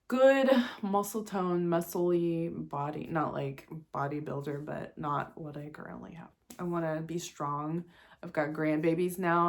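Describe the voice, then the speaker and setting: Candid rambling woman in her forties. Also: fairly low pitch. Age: 40s. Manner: candid and rambling, with frequent laughs and sighs. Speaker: vlogger. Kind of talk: casual personal vent.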